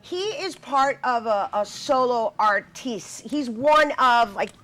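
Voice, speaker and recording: A woman hosting a television talk show with an animated, playful manner, laughing easily. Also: on the high side, takes it slowly. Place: television studio.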